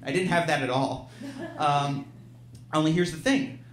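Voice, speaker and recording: A man's voice: fairly high pitch, a little slow. A man from Alabama telling a true story at a live storytelling show, self-deprecating and laughing through his lines. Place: live venue stage, audience present. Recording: roomy live venue sound.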